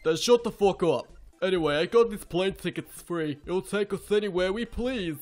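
Rouge the bat is vain, flirtatious and crude, with a high, sultry voice that teases and pushes everyone around. A man voices her in an amateur cartoon. Faint music plays under the dialogue. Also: moderate pace, a little mellow, close to an everyday voice. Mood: pushy. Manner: sultry, teasing, pushy.

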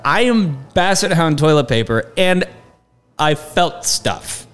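Oklahoma guy cohosting a podcast, pitch jumps all over, jokey and laughy. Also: lively intonation, slow, a bit bright, smooth. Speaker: podcast co-host. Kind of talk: casual chat.

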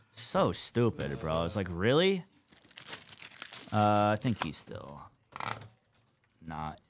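A man's voice: sits low, animated, slow, long pauses, background noise. A young man hosting a live card break stream, chatting casually as he calls out cards and teams.

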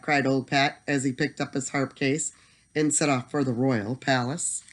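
A storyteller reading a bedtime story aloud, with an expressive voice that lifts at dramatic moments. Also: mid-range voice, a little slow.

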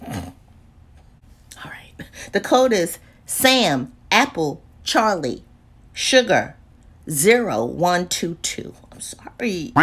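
A woman, chatting casually about deals in a lively vlog, with lots of exclaiming and laughing. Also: high voice. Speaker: deals vlogger. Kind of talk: casual live chat.

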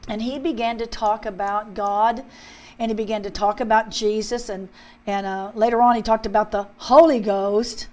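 A woman's voice: medium pitch, steady tone, moderate pace, darkish tone. A woman minister giving a fervent personal testimony, speaking earnestly and often repeating herself. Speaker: guest minister.

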